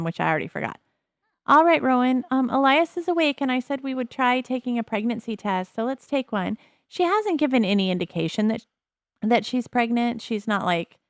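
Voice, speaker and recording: This is a let's play host, a middle-aged woman with a fairly high voice, captured as a dry, studio-quality recording. She comments casually on a life-simulation game, chatty and wry, laughing often and slipping into character voices.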